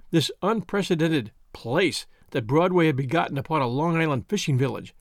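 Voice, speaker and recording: Expressive male audiobook narrator. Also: a little high, dry recording, clean studio sound. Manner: expressive, voices each character.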